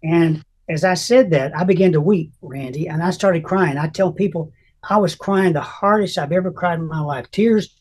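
Older man, somewhat high voice, earnest emotional testimony, halting restarts. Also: a little mellow. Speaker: guest telling his testimony.

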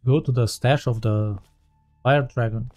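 A man's voice: medium pitch, fairly even intonation, measured pace, darkish tone. A man giving casual let's-play commentary as he plays, thinking aloud and often correcting himself mid-sentence. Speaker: gaming channel host.

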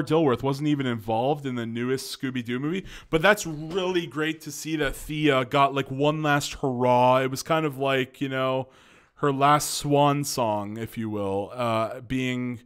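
A man's voice: mid-range voice, clear, resonant tone. A man hosting an online video, reading a news article aloud and breaking in with his own reactions, filler words and remarks to viewers. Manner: reads aloud with frequent interjections and fillers, addresses viewers as folks.

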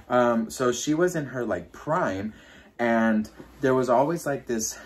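A man's voice: animated, takes it slowly. A man chatting casually as he tells a gossipy storytime, full of fillers and asides. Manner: breaks into high-pitched impressions when quoting people. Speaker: YouTuber.

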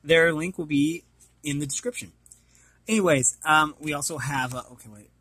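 A man's voice: fairly high pitch, moderate pace, pushed and bright, husky. A man casually reading an art book aloud and commenting, hesitant and apologetic as he stumbles over names.

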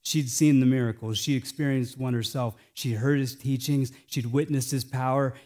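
An American male pastor delivering a sermon, swinging between hushed, slowed phrases and loud, emphatic lines. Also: mid-range voice, fairly even intonation.

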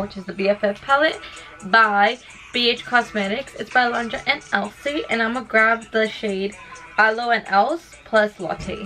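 A young woman in a casual get-ready-with-me chat, talking fast and filling her sentences with "like" while she does her makeup at home. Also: fairly high pitch, sharp tone. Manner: fast-talking, full of "like" fillers. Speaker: beauty vlogger.

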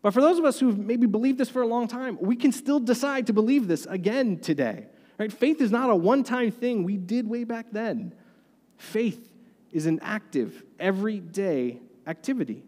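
Guy pastor preaching, kinda high voice, talks to you easy and earnest, long echo. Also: expressive, moderate pace, a little mellow. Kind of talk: sermon.

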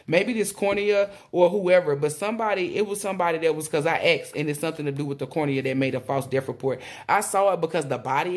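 A woman tarot reader talking casually to viewers, rambling and excitable, often exclaiming and relaying messages in blunt slang with swearing. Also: low-pitched. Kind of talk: casual spiritual reading to viewers.

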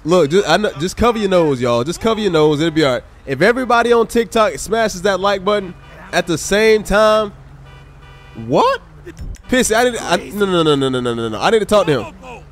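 A man's voice: sits high, fairly quick. A man live-streaming a police role-play game, chatting with viewers and exclaiming at the game characters. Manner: animated, exclaiming, talks to chat and game characters. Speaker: streamer role-playing a state trooper. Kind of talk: casual live-stream gameplay chat.

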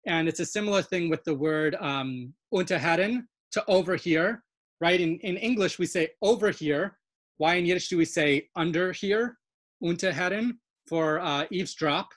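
A woman's voice: on the low side, normal speed, no room sound. A woman leads an online language lesson over a video call, bubbling with self-confessed nerdy enthusiasm. She explains word origins with plenty of "um"s and "uh"s. Her voice sits close and dry. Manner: enthusiastic, self-described nerd, explains with many fillers. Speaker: Yiddish dialect instructor. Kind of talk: online webinar lecture.

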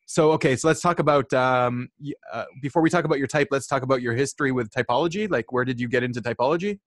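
A man hosting a casual interview over a video call, upbeat and encouraging with quick affirmations. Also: mid-range voice. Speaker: interviewer, show host.

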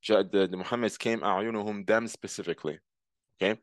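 Low-voiced man teaching grammar, dry sound. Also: fairly even intonation, fast, no echo. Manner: patient, repeats terms and translates each example. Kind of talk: explaining grammar with examples.

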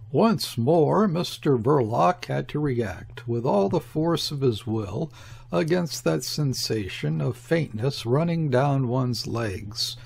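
A man narrating a classic novel in a measured, deliberate way with a husky, gravelly voice. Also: medium pitch, darkish tone. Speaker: audiobook narrator. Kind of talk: unabridged novel reading.

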